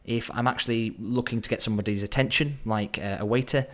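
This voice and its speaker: A man teaching Spanish in a relaxed, explanatory way, slowing down to sound out phrases and thinking aloud as he goes. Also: mid-range voice. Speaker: Spanish tutor. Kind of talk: explanatory language lesson.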